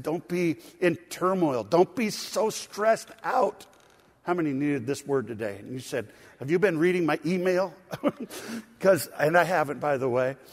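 A man preaching to his congregation in a casual, conversational way, often asking them to answer back. His voice sits a little high for a man. The sound carries a long reverb, as in a church sanctuary. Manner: conversational, asks congregation to respond, laughs at own jokes. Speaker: pastor. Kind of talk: sermon.

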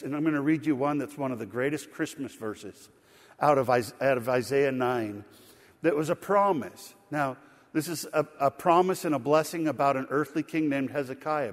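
A middle-aged man preaching a sermon, telling a folksy story with laughter in an animated way. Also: mid-range voice. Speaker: pastor. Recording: sanctuary reverb.

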